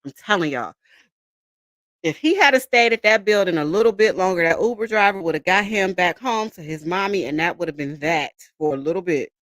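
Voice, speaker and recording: A woman's voice: fairly low pitch, a little fast, a bit bright, dry recording, clean studio sound. A woman hosting casual commentary, talking in slang and laughing often as she reacts to a video. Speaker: commentary channel host.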